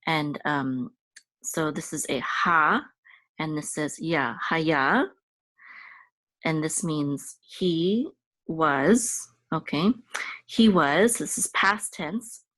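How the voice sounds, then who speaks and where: A woman with a notably low voice teaches a casual reading lesson, going slowly and repeating each syllable. She talks with frequent fillers and corrects herself as she goes. The recording is dry, with no room sound. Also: fairly bright tone, no echo. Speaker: Hebrew teacher.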